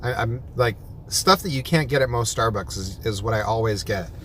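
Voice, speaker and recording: A man's voice: medium pitch, moderate pace, fairly bright tone. Rambling man vlogging over street noise. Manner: rambling storytelling with many restarts. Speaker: rideshare driver and vlogger. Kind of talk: casual chat. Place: in a car and at a sandwich shop.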